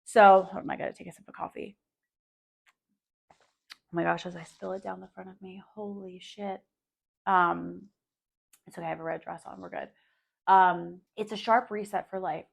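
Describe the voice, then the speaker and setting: A woman's voice: on the low side, gravelly. A woman hosting her own podcast, talking casually and candidly straight to her listeners, swearing freely and filling her talk with "like" and "um". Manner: coaching, speaks directly to listeners. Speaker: podcast host. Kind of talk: casual solo podcast monologue.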